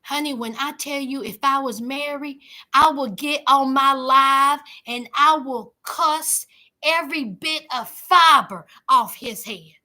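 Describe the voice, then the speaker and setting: A woman's voice: sits high, slow, sharp tone. A woman hosting a casual livestream, giving sassy, emphatic commentary and talking straight to her viewers. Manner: sassy, emphatic, talks to viewers as y'all and honey. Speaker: commentary host.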